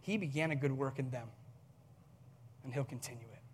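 A man preaching as a pastor, telling a story from his own family life with earnest warmth and laughing at himself. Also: medium pitch, a little fast, a little hiss or hum. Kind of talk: sermon with personal story. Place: large church hall. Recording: long church hall reverb.

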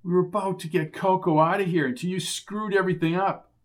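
A man's voice: high-pitched, fairly even intonation, fairly quick, pitched above the performer's own voice, natural voice. A man voicing a determined male investigator who talks bluntly and with impatience. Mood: exasperated. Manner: blunt, exasperated, insistent. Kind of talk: audiobook character voice.

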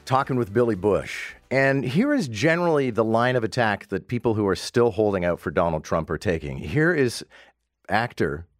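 A man's voice: on the low side, animated, normal speed, dry recording, studio quality, faint music behind. A man hosting a morning talk radio show, chatting with callers and guests and dropping wry asides. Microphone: studio microphone.

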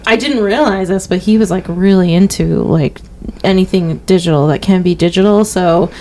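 A woman's voice: lowish voice, normal speed, warm tone. A woman co-hosting a podcast in casual chat, chatty and enthusiastic with many fillers. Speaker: podcast co-host.

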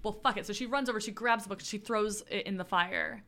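A woman co-hosting a casual podcast, her voice mid-pitched and natural. She recaps things in a relaxed, conversational way, with plenty of "um" and "like". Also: a little fast. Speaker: podcast co-host.

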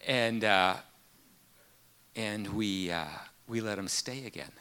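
A man preaching a sermon, telling a personal story earnestly with many pauses and fillers. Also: on the low side, bright, forceful tone, clear, resonant tone.

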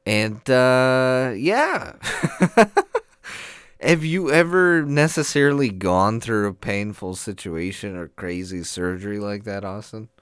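A man's voice: on the low side, animated, slow, fairly bright tone, smooth, dry recording, clean studio sound. A man on a podcast telling a long, rambling story full of laughs while his jaw is sore from recent tooth surgery. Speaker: podcast co-host. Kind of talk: casual chat.

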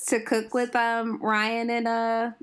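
A woman's voice: fairly high pitch, monotone, slow pace. A woman co-hosting a casual chat, adding details and finishing her partner's sentences. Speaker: podcast co-host.

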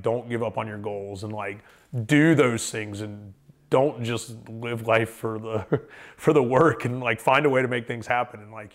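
A man telling a story in a relaxed, casual way, with many fillers and false starts, and getting animated as he goes. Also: medium pitch. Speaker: interview guest, hiker.

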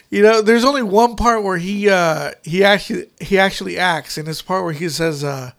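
Man, podcast co-host, casual chat, rambling, fillers, laughs often, high voice, gravelly. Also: expressive, a little slow.

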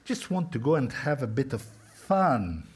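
A man's voice: medium pitch, very animated, normal speed, breathy edge. A man voicing a wavering, greedy male prophet who makes rambling excuses. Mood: sheepish evasive.

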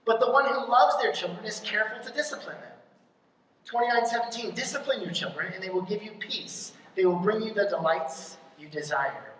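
Pastor preaching in a booming echoey hall. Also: expressive, normal speed, fairly bright tone, a little hiss or hum. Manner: conversational, often asks the congregation "right?". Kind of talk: sermon. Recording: very echoey hall, mic from far off.

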